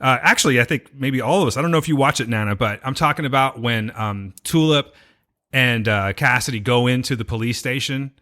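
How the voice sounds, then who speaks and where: An American man hosts a casual podcast chat with a bright, forward voice. He asks long, winding questions and laughs easily. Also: mid-range voice, brisk. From United States. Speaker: podcast host.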